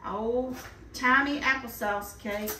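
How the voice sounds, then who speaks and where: A woman's voice: fairly high pitch, takes it slowly, background noise. A woman, hosting a cooking video in her home kitchen, chatting in a homey, folksy way. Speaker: cooking channel host. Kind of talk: casual cooking vlog chat. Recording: echoey kitchen, voice a bit far from mic.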